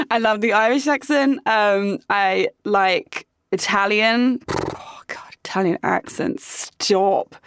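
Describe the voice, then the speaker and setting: A woman's voice: mid-range voice, no echo, studio quality. A young adult woman hosting a casual solo podcast, talking frankly and chattily, swearing freely and saying "like" often. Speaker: podcast host.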